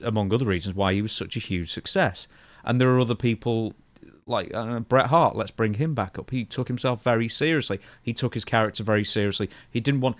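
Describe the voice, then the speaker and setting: A man co-hosting a podcast, talking through points in a measured, thoughtful way. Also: on the low side, no echo. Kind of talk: casual podcast chat.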